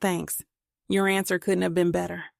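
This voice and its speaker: A woman's voice: on the low side, little pitch movement, normal speed, creaky, no echo. A woman voicing a troubled, brooding male detective in an audiobook, speaking plainly and wearily.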